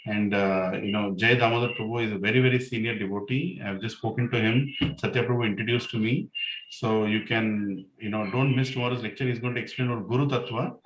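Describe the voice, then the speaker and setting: A man's voice: on the low side, steady tone, a little fast, echoey room, slight background noise, low-quality recording. A man hosting an online class, talking casually and rambling with many fillers. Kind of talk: casual storytelling and closing thanks.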